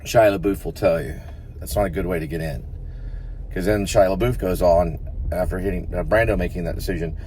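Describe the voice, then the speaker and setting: A man's voice: deep voice, brisk, a little mellow, slight background noise. A man who acts, telling rambling stories to the camera in a casual vlog, repeating himself as he goes. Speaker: actor and vlogger.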